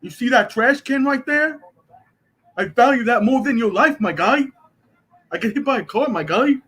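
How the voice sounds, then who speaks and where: A man's voice: very high-pitched, animated, normal speed, sharp tone, husky, voice pushed up, heavily acted. A man voicing a swaggering young man who makes over-the-top threats. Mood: menacing. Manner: boastful, menacing banter.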